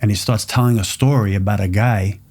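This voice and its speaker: A man's voice: fairly low pitch, fairly quick. A middle-aged man from Long Island, a pizzeria owner telling stories in casual chat and acting out what other people said. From Long Island, New York. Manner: animated, acts out quoted people. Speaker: pizzeria owner, podcast guest.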